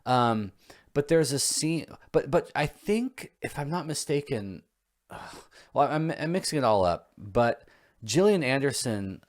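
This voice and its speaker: A man's voice: medium pitch, animated, measured pace. A man with a mid-range voice co-hosting a podcast. He talks in a chatty, meandering way, filling his sentences with "like" and "um" as he wanders through an anecdote. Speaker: podcast co-host. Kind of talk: casual podcast chat.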